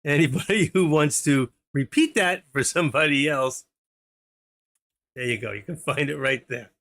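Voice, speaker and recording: A man's voice: a little high, moderate pace, a bit bright. Rambling middle-aged man telling jokes. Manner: rambling, chatty, laughs at his own jokes. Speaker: live-stream host. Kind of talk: casual live-stream chat and joke telling.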